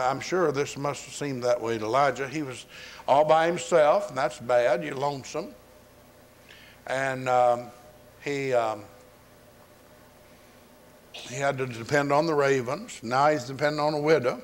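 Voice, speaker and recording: A pastor preaching a folksy storytelling sermon, retelling scripture and acting out its voices, on a 1980s sermon recording. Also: male voice, mid-range voice, a little slow, pauses often.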